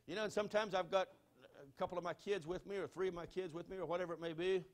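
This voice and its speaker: A high-voiced man with a Southern US accent preaches to his congregation. His delivery swings from hushed, earnest appeals to loud, passionate exhortation. He sounds middle-aged and speaks as a pastor. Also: fairly even intonation, very fast. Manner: fervent, swings from quiet pleading to shouting. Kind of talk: sermon. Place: church sanctuary.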